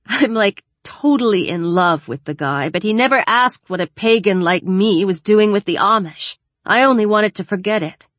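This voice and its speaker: A woman's voice: medium pitch, moderate pace, few pauses, fairly bright tone, no room sound, voice pushed up, close to an everyday voice. A woman reading an audiobook, voicing a blunt, chatty teenage girl who swears casually.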